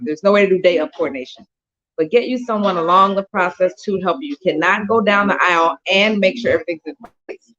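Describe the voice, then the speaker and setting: A woman's voice: mid-range voice, dull audio. A woman wedding planner giving earnest advice on a panel and repeating her points. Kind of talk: casual panel chat.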